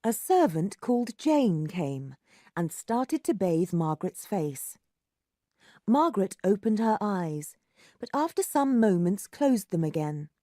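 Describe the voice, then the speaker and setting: Woman reading a story out loud, slow, lots of ups and downs, dry sound. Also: mid-range voice, dry recording. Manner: slow and lively, acting out the dialogue. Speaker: narrator.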